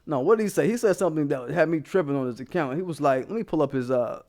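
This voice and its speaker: A man's voice: a little high, animated, quick pace, a little mellow. A man hosting a commentary channel, ranting bluntly and swearing constantly as he talks straight to his viewers. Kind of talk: profane casual commentary.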